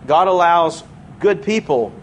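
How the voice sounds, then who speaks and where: A man preaching a sermon in a church, conversational and earnest, slowing down to stress key words. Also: a little high, expressive, a little hiss or hum.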